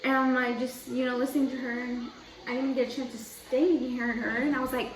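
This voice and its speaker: A woman's voice: high-pitched, little pitch movement, a little fast. A young adult woman telling a personal story in a casual, rambling way, full of "like" and restarts. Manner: chatty, rambling, heavy use of "like". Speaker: vlogger. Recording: echoey room, mic at a distance.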